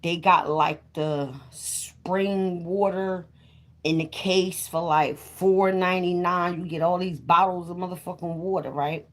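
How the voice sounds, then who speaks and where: A woman's voice: lowish voice, fairly even intonation, a little slow. A woman chatting casually to her viewers on a live stream, repeating herself and swearing freely. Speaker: vlogger on a livestream.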